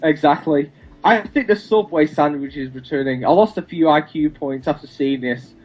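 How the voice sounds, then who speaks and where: A man's voice: on the high side, normal speed, muffled recording, soft background music. A young man in college giving profane, sarcastic ranting commentary, stammering when worked up. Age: young adult. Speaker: co-host of a ranting video.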